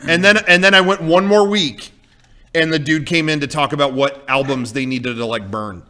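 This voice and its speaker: A man co-hosting a podcast, telling stories in a relaxed, jokey way. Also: fairly high pitch, moderate pace. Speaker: podcast co-host. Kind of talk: casual chat.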